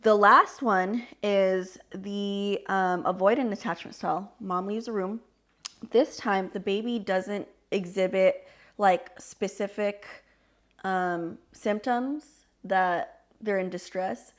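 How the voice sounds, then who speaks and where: A young adult woman co-hosting a podcast, explaining a subject in casual chat with an animated, filler-heavy way of talking. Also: mid-range voice, takes it slowly. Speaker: podcast co-host.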